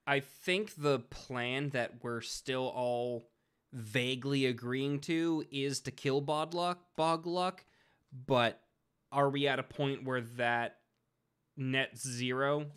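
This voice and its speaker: A man's voice: medium pitch, slow pace, fairly bright tone, clean tone. A man playing in a tabletop game, thinking aloud with hesitant, joking asides. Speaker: player. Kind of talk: casual chat during a tabletop game.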